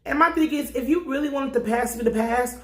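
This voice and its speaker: Animated, cussing woman recapping a show. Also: sits high, quick pace, reverberant. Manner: profane, animated, acts out characters' lines. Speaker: TV episode recap reviewer. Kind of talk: casual recap commentary.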